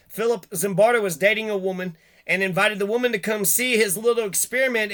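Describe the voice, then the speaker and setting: High, bright-voiced man ranting casually. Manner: rambling, profane, animated. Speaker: commentator. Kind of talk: casual explainer monologue.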